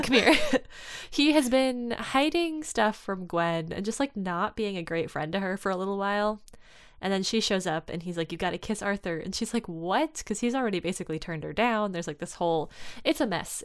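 A woman chatting casually, retelling a story and acting out the characters' lines with lively energy. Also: medium pitch, moderate pace, clean tone, dry recording, studio quality. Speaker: podcast co-host discussing fan fiction. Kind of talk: casual chat.

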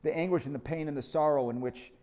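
A man preaching a sermon as lead pastor, telling a story with emphasis and slowing down for quiet, reflective moments. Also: a little high, steady tone.

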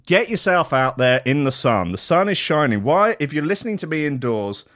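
A man's voice: fairly high pitch, big pitch swings, moderate pace, a bit bright, dry recording, studio quality. A man hosting a casual streamed podcast, rambling and sweary, with a mocking manner. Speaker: podcast host. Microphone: headphones and desk mic.

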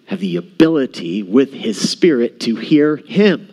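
A man's voice: medium pitch, sing-song, measured pace, hardly any pauses, mellow. A man preaching a sermon in a church, talking conversationally and often checking in with the congregation. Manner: conversational, asks the room questions. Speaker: pastor.

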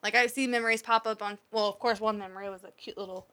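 A woman's voice: mid-range voice, steady tone, fast talker, bright, forceful tone. A woman in her thirties chatting casually, telling a story animatedly and swearing freely. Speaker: podcast co-host, mother. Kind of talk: casual chat.

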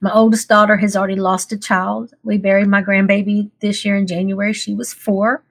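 A woman's voice: mid-range voice, flat delivery, a little fast, gravelly. Earnest woman telling a hard story. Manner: earnest and emotional, laughs through tears. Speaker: guest. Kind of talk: candid interview storytelling.

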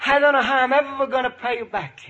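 Luigi, a gentle Italian immigrant. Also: male voice, very high-pitched, steady tone, fast, highs cut off, full character voice. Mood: earnest. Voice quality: broken English, earnest and pleading. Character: kind, naive Italian immigrant man, gentle. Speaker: lead character. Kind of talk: 1940s radio sitcom acting.

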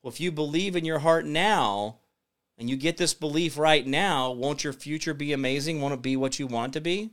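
Male talk host, folksy and rambling monologue, slightly high voice, preachy pep-talk delivery. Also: moderate pace, a bit bright. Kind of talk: casual livestream monologue.

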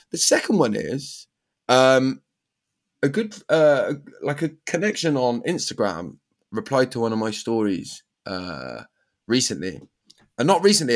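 A man chatting casually as a podcast co-host, swearing now and then and using British slang. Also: mid-range voice. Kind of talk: casual chat.

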